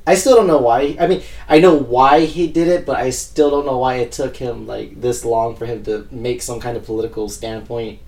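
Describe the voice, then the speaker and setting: A man's voice: medium pitch, normal speed, hardly any pauses, a little mellow. A young man co-hosting a casual podcast, rambling with lots of fillers. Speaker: podcast co-host. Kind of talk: casual chat.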